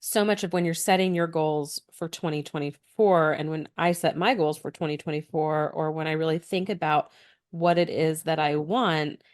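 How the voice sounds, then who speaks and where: A woman's voice: low voice, fairly even intonation, normal speed. A woman co-hosting a podcast in casual conversation, talking earnestly in long flowing stretches. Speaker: podcast co-host.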